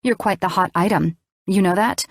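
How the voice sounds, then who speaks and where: A woman's voice: mid-range voice, normal speed, dry recording, clean studio sound, natural voice. Cold, accusing young woman, as the narrator speaks her lines. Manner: sharp, accusing.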